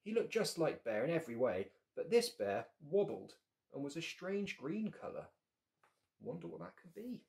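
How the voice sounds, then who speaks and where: A man's voice: on the high side, very animated, moderate pace, vocal fry, darkish tone. A man reading his picture book aloud to children, with playful asides to young listeners.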